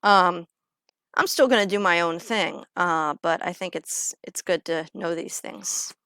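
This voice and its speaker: A woman's voice: lowish voice, unhurried, pushed and bright, no echo, clean studio sound. A woman chatting casually on a livestream as she plays, rambling along with lots of filler words. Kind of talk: casual livestream chat while gaming.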